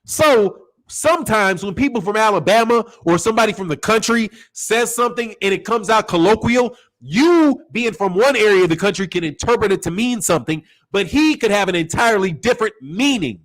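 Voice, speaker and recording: A man hosting a boxing channel, giving animated, profane opinion commentary and acting out quoted voices. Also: high voice, a little fast, few pauses, low-quality recording. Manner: animated, acts out quoted voices, curses freely.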